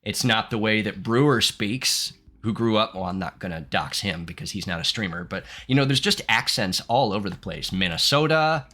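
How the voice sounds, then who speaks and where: A young man from Southern Ohio chats casually on a game stream, mulling things over and reading chat aloud. His voice is bright and forceful, and his pitch sits a little low. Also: expressive, moderate pace, few pauses. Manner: chatty, reflective, reads game text aloud.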